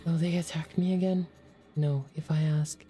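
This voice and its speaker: A woman's voice: deep voice, fairly even intonation, warm tone, soft background music, natural voice. A woman reading as a wounded, parched outcast. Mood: distraught, parched. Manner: halting, repetitive, distraught reading. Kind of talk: reading a visual novel aloud.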